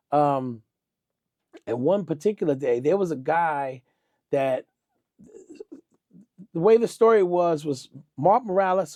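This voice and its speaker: A man's voice: a little high, dark tone, no echo, clean studio sound. A middle-aged man, a music producer guest, telling stories in a casual interview and acting out the quotes with animation.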